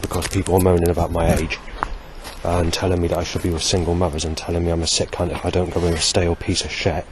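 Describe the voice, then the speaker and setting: A man vlogging a spoken diary outdoors, halting and correcting himself as he goes. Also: deep voice, flat delivery, a little hiss or hum. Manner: halting, with many restarts and self-corrections. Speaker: vlogger recording a daily log.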